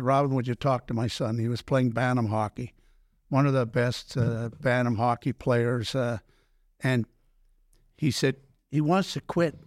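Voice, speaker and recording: An older man, a former pro hockey player telling animated stories in an interview, acting out quoted dialogue and often restarting his sentences. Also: medium pitch, no room sound, studio quality. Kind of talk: storytelling in a podcast interview.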